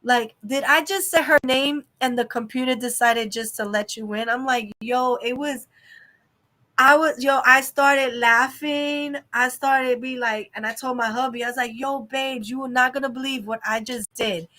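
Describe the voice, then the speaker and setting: Bright-voiced woman telling an animated story. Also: sits high, moderate pace. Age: adult mother of a young child. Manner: animated storytelling, exclaiming and laughing. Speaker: livestream host. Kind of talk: casual chat on a livestream. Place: at home.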